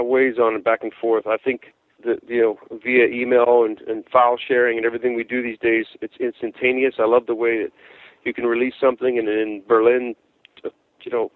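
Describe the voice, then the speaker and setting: A man calls in as a guest musician, his voice squeezed through a thin, tinny phone line with a flat, dead sound. He talks casually in an animated way, restarting sentences and repeating words as his stories build. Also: mid-range voice, a little fast, dry recording. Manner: animated storyteller, many restarts. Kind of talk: casual interview chat.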